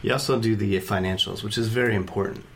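A man's voice: on the low side, steady tone, quick pace, fairly bright tone, slight background noise. A man co-hosting a podcast, talking casually and hesitantly, searching for words. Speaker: podcast co-host.

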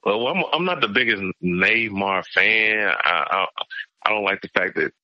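A man's voice: on the low side, animated, normal speed, no room sound, muffled recording. A man in his forties in casual chat, opinionated and repeating words as he finds his point. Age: 40s. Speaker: podcast guest.

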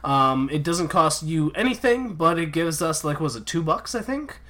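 A man's voice: a little high, animated, normal speed, pushed and bright. A man hosting a casual podcast outro, rambling with lots of fillers. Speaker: podcast host.

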